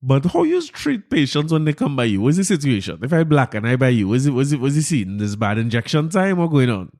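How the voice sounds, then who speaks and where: A man with a Trinidadian accent hosting a podcast, talking through the news in a casual monologue, animated and incredulous, often repeating his words. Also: mid-range voice, a little fast, dry recording, studio quality. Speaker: podcast host.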